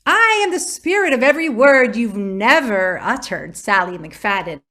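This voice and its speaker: A woman's voice: on the high side, very animated, normal speed, bright, forceful tone. A woman playing a sarcastic female ghost of dropped lines in a stage play, taunting and theatrical.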